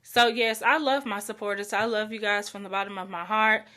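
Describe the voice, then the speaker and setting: A woman's voice: medium pitch, steady tone, a little fast, sharp tone. A young adult woman hosting her own podcast, talking chattily and from the heart with lots of likes and ums. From North Carolina. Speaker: podcast host. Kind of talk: solo podcast monologue.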